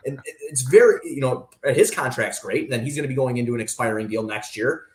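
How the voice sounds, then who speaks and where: A man's voice: mid-range voice, expressive, quick pace. Passionate man talking sports, roomy sound. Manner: passionate, rambling, opinionated. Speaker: guest sports commentator. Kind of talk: casual sports radio talk. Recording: roomy echo.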